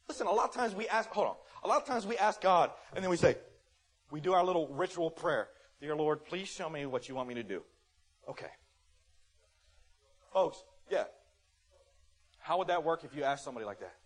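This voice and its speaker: Husky, animated man preaching a sermon. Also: high voice. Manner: shifts between shouted scolding and quiet, earnest testimony; acts out little dialogues in quick put-on voices.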